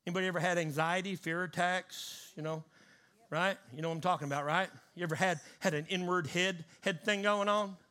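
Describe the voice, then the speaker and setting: A man preaching a sermon with a high, bright, ringing voice. He is fervent, bursting out loud and then dropping to hushed asides. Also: steady tone, a little fast, clean tone.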